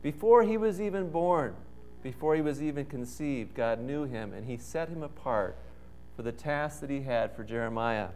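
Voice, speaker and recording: A man preaching a sermon with slow, emphatic delivery and dramatic pauses. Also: mid-range voice, lively intonation, darkish tone, a little hiss or hum. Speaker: pastor.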